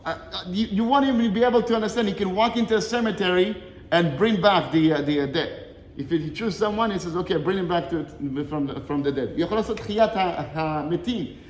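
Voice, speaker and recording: Animated Torah teacher in an echoey room. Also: male voice, high-pitched, quick pace. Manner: animated storytelling, switches between Hebrew quotes and English explanation. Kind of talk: short Torah lesson retelling a Talmud story.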